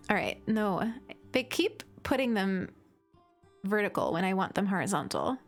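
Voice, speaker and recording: A woman's voice: medium pitch, big pitch swings, measured pace, soft background music. A woman streamer chatting casually and gushing while she plays, with lots of "like" fillers. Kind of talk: casual live-stream chat while playing.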